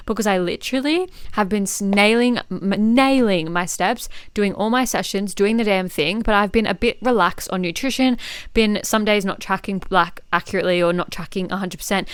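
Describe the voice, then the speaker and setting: A woman's voice: medium pitch, smooth, dry recording. A woman, hosting a solo podcast as a fitness coach, blunt and fired-up, swearing freely. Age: 20s. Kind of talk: casual solo podcast monologue.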